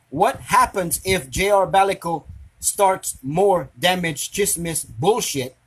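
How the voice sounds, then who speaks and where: Reacting to social media drama, a man with a high, husky voice launches into an angry rant at his online viewers. He comes across as preachy and confrontational, repeatedly pressing the same rhetorical questions.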